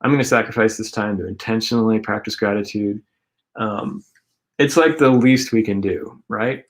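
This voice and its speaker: A man's voice: lowish voice, moderate pace. A man co-hosting a casual faith talk show, speaking earnestly and rambling with many fillers. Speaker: co-host.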